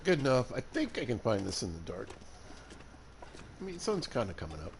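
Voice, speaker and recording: A man's voice: medium pitch, huge pitch swings, a little fast, vocal fry, a little hiss or hum. A man from Alabama with a Southern US accent, chatting and joking to viewers while streaming a survival game. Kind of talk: casual gameplay commentary.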